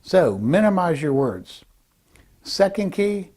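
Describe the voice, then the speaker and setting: Deliberate man coaching with a mellow voice. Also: mid-range voice, animated. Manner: emphatic, deliberate, slows down on key phrases. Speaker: speaking coach. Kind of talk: direct-to-camera instructional talk.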